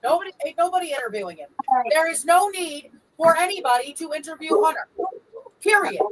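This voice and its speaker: A woman on a livestream insisting loudly and defensively, swearing freely. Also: very high-pitched, expressive, a little fast, a crowd in the background, rough recording. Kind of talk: heated livestream talk.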